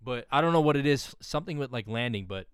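A young man, co-hosting a podcast, excitable and slangy, swearing as he reacts and tells stories. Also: medium pitch, quick pace, clean tone, no room sound, clean studio sound. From New York. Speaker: podcast co-host. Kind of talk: casual podcast chat.

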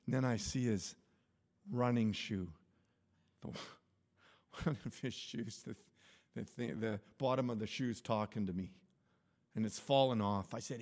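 Fairly low and a little slow, this pastor's creaky, darkish voice leaves long pauses as he preaches. He tells stories in a chatty, informal sermon, chuckling and restarting phrases, with long hall reverb in the recording.

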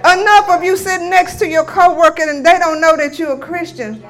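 High-voiced woman preaching a testimony. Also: steady tone, a little fast, a bit bright. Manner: storytelling with emphatic declarations and laughs. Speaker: guest speaker. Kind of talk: sermon testimony.

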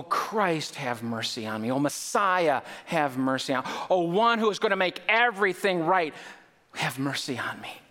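A man's voice: medium pitch, sharp tone. Blind beggar, male, pleading and imploring, voiced by a man preaching, in a reverberant hall. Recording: long reverb of a large hall.

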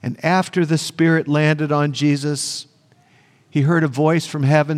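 A man's voice: a little high, little pitch movement, measured pace. A male pastor preaching a sermon, earnest and emphatic, repeating phrases for weight. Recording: long church reverb.

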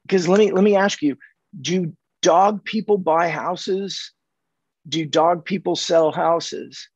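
A man from California, a sales coach on a podcast, telling animated stories and acting out the dialogue. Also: high voice, slow pace, husky, dry recording. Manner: animated, acts out dialogue in anecdotes. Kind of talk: conversational storytelling. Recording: dull dry lo-fi audio.

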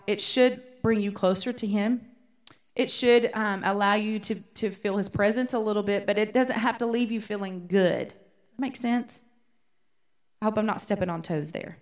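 A woman teaching a women's Bible study in a conversational way, often checking in with her listeners. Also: medium pitch.

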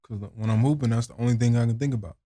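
A man co-hosting a casual podcast chat, slangy and quick to chime in. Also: mid-range voice, fairly even intonation, warm tone, no echo, clean studio sound. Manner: slangy, chiming in. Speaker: co-host.

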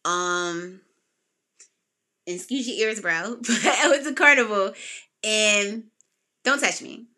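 A woman hosting a podcast, telling a personal story in a casual way and acting out what people said with sudden jumps in pitch. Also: takes it slowly. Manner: animated, acts out quotes with big pitch jumps. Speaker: podcast host.

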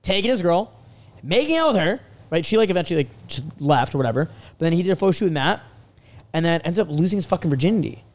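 A man hosting a podcast, telling stories in a brash, profane, animated way. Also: a little high, fast. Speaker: podcast host and dating coach. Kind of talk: casual podcast chat.

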